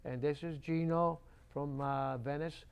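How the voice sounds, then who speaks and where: Speaking at a measured pace with a steady tone, an older man hosts a casual, jokey, folksy interview in a local cable TV studio. His slightly high voice is clear and resonant, with some vocal fry.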